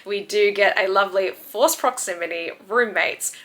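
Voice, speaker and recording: A woman's voice: mid-range voice, moderate pace, a bit bright. A woman in her twenties chatting casually and enthusiastically about her favourite books, gushing with frequent fillers. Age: 20s. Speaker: book reviewer. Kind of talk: casual book review vlog.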